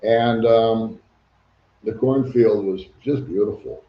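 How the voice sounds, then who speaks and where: A man's voice: fairly low pitch, slow pace. Older man chatting on a livestream. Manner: reads viewer comments aloud, chatty. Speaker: livestream host. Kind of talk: casual livestream chat. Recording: echoey room, dull lo-fi sound.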